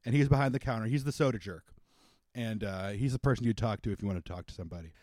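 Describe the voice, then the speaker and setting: A man's voice: fairly low pitch, racing, a little mellow, no room sound, studio quality. Rambling man narrating a tabletop game. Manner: loose rambling description with restarts. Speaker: game master.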